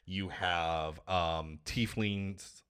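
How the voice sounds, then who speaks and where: A man on a podcast, casually retelling a video game story in an animated, profane way. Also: low voice, extremely slow, smooth. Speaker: podcast co-host.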